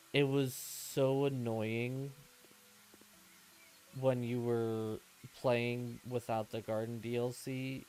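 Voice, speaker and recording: This man has a smooth, medium-pitched voice with a darkish tone. He's streaming his gameplay, chatting casually and rambling as he answers his chat in laid-back commentary.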